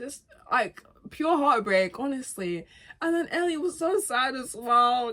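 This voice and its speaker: A woman's voice: high voice, measured pace. Emotional woman recapping a game. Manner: animated and emotional, often laughing, addresses viewers as guys and bro. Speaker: vlogger. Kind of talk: casual chat recapping a video game story.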